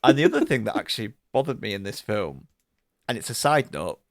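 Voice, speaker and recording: Animated man reviewing films. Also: lowish voice, fairly quick, creaky, dry recording, studio quality. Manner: animated, mimics characters, swears freely. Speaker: podcast co-host. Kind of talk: casual film review chat.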